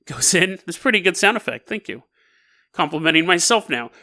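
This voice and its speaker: A man's voice: high voice, a little fast. A man hosting a podcast, telling stories in a casual, jokey way and laughing as he talks. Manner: jokey, animated, laughs while talking. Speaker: podcast host. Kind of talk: casual comedic storytelling.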